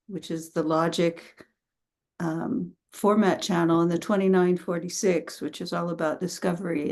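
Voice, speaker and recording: A woman's voice: on the low side, a little mellow. A woman teacher introducing a class in a chatty, casual way, laughing easily and swearing now and then.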